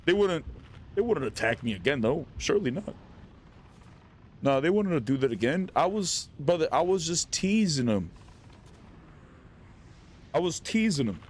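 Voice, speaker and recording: An excitable man narrates his game live, teasing the characters he meets. His voice sits a little high, and a faint hiss runs underneath. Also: measured pace, pauses often. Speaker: streamer. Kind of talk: casual gameplay commentary.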